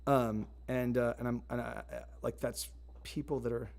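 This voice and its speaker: A man's voice: mid-range voice, steady tone, moderate pace, a little mellow. A man hosting a live music stream, chatting casually and rambling in a friendly way as he greets viewers by name. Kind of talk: casual livestream chat. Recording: guitar music in the background.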